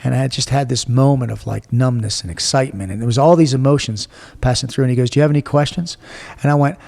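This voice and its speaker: A gravelly man in his forties tells his life story bluntly, swearing freely. His voice has a rough edge and trails off into a long reverb. He sounds animated and plain-spoken. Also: medium pitch, fast talker. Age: 40s. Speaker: guest. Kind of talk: casual storytelling interview.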